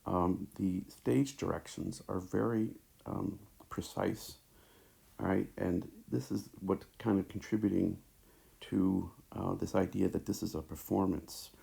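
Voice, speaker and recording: A man teaching a recorded lecture over slides, talking haltingly with many fillers and restarts, into a tablet mic. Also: low-pitched, fairly even intonation, gravelly, warm tone.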